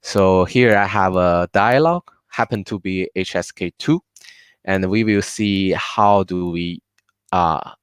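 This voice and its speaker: A man teaching a live online language class, patiently repeating words slowly for his learners. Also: low-pitched, clean tone, dry recording.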